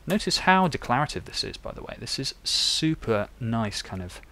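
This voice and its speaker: A man's voice: medium pitch, sing-song, normal speed, sharp tone. A young man chatting and thinking aloud while he codes live on stream. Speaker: developer live-coding on stream. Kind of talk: live coding tutorial.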